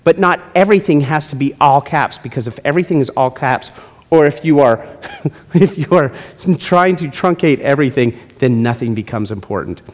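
A man's voice: medium pitch, expressive, moderate pace. A male pastor preaching a sermon in a church, with emphatic delivery and playful asides. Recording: long hall reverb.

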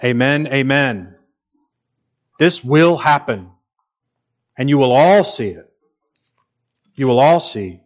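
A man's voice: medium pitch, animated, takes it slowly, pauses often. A man preaching a sermon in an earnest, emphatic way, repeating phrases for stress.

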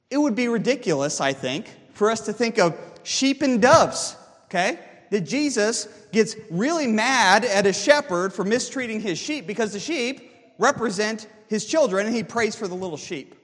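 A man's voice: high voice, long reverb tail. A man preaching a sermon, explaining scripture and checking in with the congregation with frequent "okay?". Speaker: pastor.

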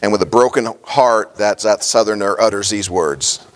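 A man's voice: lowish voice, moderate pace. A middle-aged man, a pastor, preaching a sermon in a folksy storytelling way, with many fillers and small chuckles.

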